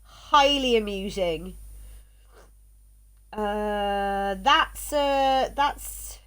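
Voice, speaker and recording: Slow-talking Somerset woman with a slight lisp. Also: mid-range voice, fairly bright tone, clean tone. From South West England. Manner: chatty, rambling, laughs often. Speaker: game streamer. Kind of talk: casual chat while gaming.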